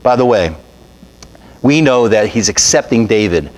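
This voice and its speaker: Animated preaching man. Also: fairly low pitch, moderate pace. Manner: preaching, calls for congregation to repeat and answer. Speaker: pastor. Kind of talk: sermon.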